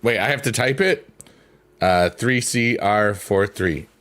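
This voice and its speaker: Taking it slowly in a voice on the low side, a middle-aged man runs a livestream where he reads comments aloud and jokes around in a casual, goofy manner. Soft piano music plays behind him.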